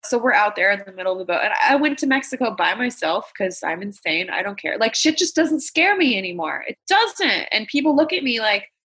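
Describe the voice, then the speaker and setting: Blunt, bright-voiced woman comedian. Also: mid-range voice, big pitch swings, a little fast, hardly any pauses, slightly rough. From Los Angeles, USA. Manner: blunt, profane, candid storytelling. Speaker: comedian guest. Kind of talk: casual interview chat.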